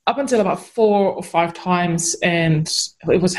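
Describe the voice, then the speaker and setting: A woman's voice: fairly low pitch, moderate pace, rough recording. Earnest woman telling a story. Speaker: guest, spiritual activist. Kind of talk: storytelling in a podcast interview.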